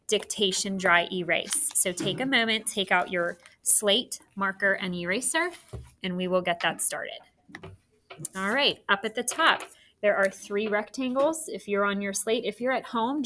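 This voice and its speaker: A woman teacher in a recorded phonics lesson, giving clear step-by-step instructions to children. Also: mid-range voice, a bit bright.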